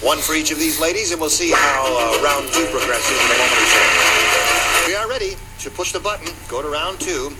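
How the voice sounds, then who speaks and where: Playful game show host, lively pitch. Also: male voice, very noisy. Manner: jokey, drawn-out teasing delivery. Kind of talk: hosting a 1970s TV game show. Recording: old TV broadcast with loud music.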